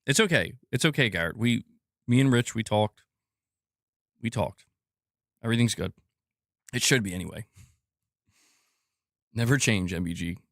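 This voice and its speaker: A man's voice: fairly low pitch, normal speed, creaky, pauses often, dry recording, studio quality. A man hosting a gaming news live stream, chatting casually and reading viewer comments. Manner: animated, talks to chat, reads comments aloud. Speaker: podcast host.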